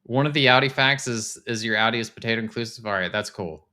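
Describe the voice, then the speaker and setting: A man, casually chatting to his live-stream viewers while touring game houses, excitable and talkative. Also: mid-range voice, fast. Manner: chatty, excitable, talks to chat.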